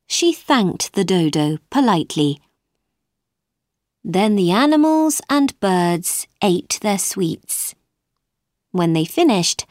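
A woman reads a children's story aloud with clear, careful diction. She paces it slowly, in a mid-range voice. The sound is close and dry. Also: mid-range voice, no echo. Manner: careful, evenly paced reading. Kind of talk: slow, clear storybook narration.

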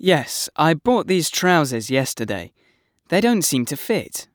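A man reading the lines of an ordinary adult man in scripted exam dialogues, with clear, careful delivery. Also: on the high side, big pitch swings, unhurried, no room sound, clean studio sound. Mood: plain. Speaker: dialogue actor in a listening exam.

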